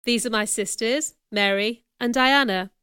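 A woman reading aloud voices a kind, earnest young clergyman who speaks calmly and gently. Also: fairly high pitch, a little slow, smooth, dry recording, studio quality. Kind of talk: audiobook character reading.

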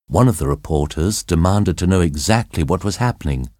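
Deep-voiced guy reading a story out, dramatic, pitch swinging around, dry sound. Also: animated, brisk, few pauses, darkish tone, no echo. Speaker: narrator. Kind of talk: scripted audiobook narration.

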